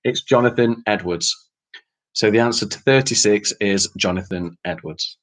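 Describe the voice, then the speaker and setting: Running an online quiz night, this male host keeps things casual and chatty as he reads questions and answers, with plenty of laughter and a bit of mild swearing. He has a lowish, fairly bright voice and moves at a moderate pace.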